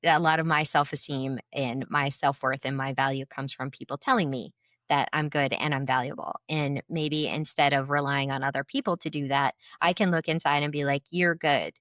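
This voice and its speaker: Low-voiced woman, reflective co-host. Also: steady tone, moderate pace, fairly bright tone, no room sound, clean studio sound. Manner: earnest, reflective, repeats words for emphasis. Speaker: podcast co-host. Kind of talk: casual chat.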